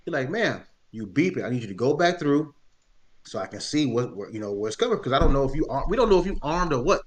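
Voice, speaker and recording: Swearing freely and full of energy, a man recounts a story in relaxed podcast talk, imitating the people in it. His voice is mid-range and he talks fast.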